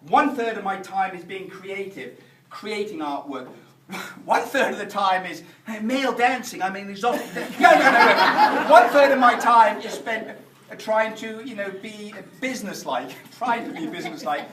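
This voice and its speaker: A middle-aged man from England giving a humorous speech at a function, animated and shouting punchlines. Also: sits high, normal speed. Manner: animated storyteller, shouting punchlines amid laughter. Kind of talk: humorous after-dinner speech. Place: function hall with audience. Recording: echoey hall, distant mic, noisy.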